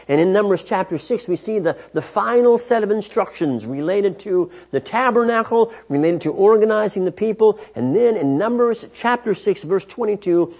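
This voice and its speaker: A man teaching scripture in a measured, emphatic way, often restarting his phrases as he explains. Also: sits high, darkish tone. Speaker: Bible teacher. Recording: dull lo-fi recording.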